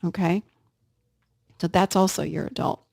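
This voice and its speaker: A woman's voice: fairly low pitch, fairly even intonation, a little slow, gravelly, darkish tone, no room sound, studio quality. A woman hosting a self-help podcast, talking earnestly and encouragingly straight to her listeners. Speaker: podcast host.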